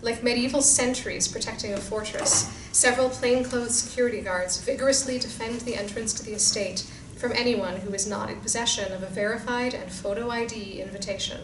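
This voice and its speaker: A woman narrates the stage directions of a screenplay in a clear, measured read at a middle pitch. The sound is roomy and distant, with noise clearly heard behind. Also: fairly even intonation. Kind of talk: screenplay reading.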